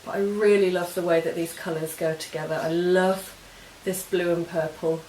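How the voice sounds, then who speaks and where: A woman hosts a knitting podcast, chatting casually in a meandering show-and-tell as she explains her projects step by step. Her voice is fairly low, steady, and darkish, at a moderate pace, and the recording has a roomy echo with faint hiss.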